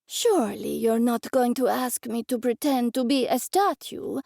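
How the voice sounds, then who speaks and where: A woman's voice: on the high side, a little slow, vocal fry, mellow, no room sound, studio quality. A woman voicing a grumpy hungover talking cat. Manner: grumpy, irritable.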